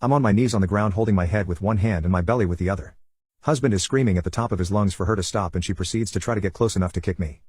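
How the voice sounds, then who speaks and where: A man narrating internet stories in a calm, scripted storytelling voice. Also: fairly low pitch, very fast, husky, no room sound.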